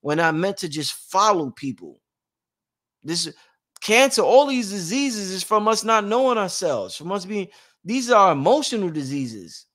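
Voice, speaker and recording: A man hosting a casual livestream, reading out chat shout-outs and talking informally, often repeating himself and swinging between loud and quiet. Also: high-pitched, sing-song. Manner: informal, drawn-out, repeats phrases. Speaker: livestream host.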